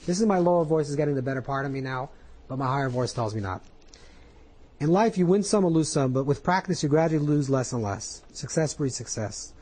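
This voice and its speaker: A man's voice: a little high, animated, brisk, a little mellow, rough recording. A man, a rabbi, giving an earnest spoken Torah class, coaching listeners through their inner voices with frequent repetition.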